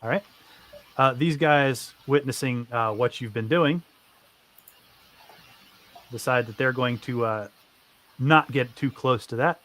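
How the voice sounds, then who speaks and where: A man narrating a tabletop game as game master, briskly and with many fillers. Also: medium pitch, a bit bright.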